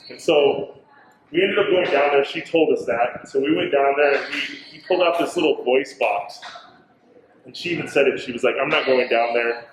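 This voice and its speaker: Man, hotel manager, casual storytelling, animated, roomy echo. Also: fairly high pitch, moderate pace, noisy background. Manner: animated, acts out quotes, says bro and dude.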